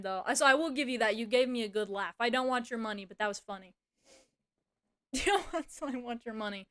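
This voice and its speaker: A woman's voice: fairly high pitch, brisk, fairly bright tone, clean tone. A young woman streamer chatting casually, rambling through a story and swearing freely. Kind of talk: casual livestream chat.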